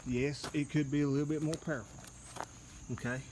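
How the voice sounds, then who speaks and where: A man's voice: fairly high pitch, steady tone, fairly quick, a little mellow, slight background noise. A man talking to the camera outdoors on a hillside, plainspoken and a bit out of breath, repeating "okay?" to drive his points home. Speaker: lawn care business owner.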